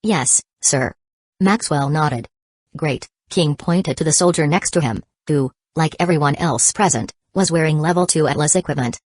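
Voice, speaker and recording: Woman, audiobook narration, deep voice, dry booth sound, even delivery. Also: normal speed, hardly any pauses, dry recording. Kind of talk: scripted narration.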